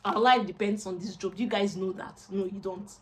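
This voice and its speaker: A young woman with a Nigerian accent, chatting casually to camera as a vlogger and job seeker, expressive and slipping into Pidgin asides. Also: medium pitch, a little fast, slight background noise.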